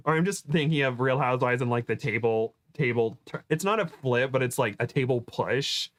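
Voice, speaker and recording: A man's voice: medium pitch, moderate pace. A man co-hosting a casual talk stream, reading fan fiction aloud with laughing, self-deprecating asides.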